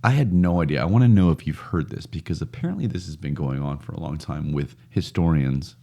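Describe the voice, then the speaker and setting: Very deep-voiced chatty man. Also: animated, brisk, creaky, dark tone. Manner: chatty, laughs often, jokey asides. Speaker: podcast co-host. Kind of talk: casual podcast chat.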